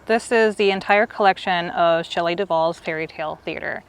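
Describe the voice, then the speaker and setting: A woman's voice: lowish voice, a little fast, clean tone. A woman in her forties telling a guest how much her work means to her, earnest and close to tears. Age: 40s. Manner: earnest, gushing, near tears. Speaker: host. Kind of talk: emotional fan tribute.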